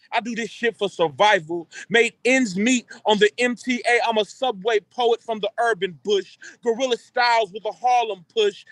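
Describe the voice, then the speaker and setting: Defiant high-voiced slam poet man. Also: a bit bright, no room sound. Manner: rhythmic, defiant rhyming delivery. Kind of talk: spoken word poetry performance.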